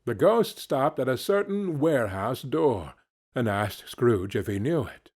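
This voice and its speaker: A male audiobook narrator with a medium-pitched voice reading at an unhurried pace. His delivery is lively and wide-ranging in pitch, deliberate and expressive. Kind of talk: scripted narration.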